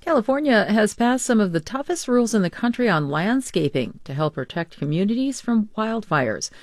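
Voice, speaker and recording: A woman newscaster reading a scripted news bulletin in a crisp, formal way. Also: medium pitch, very animated, moderate pace, no room sound, studio quality.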